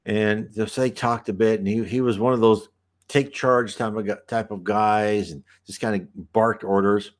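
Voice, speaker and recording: A man's voice: on the low side, steady tone, moderate pace. A man giving rambling, casual commentary on a book he is reading, with many restarts and fillers. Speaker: reader and commentator.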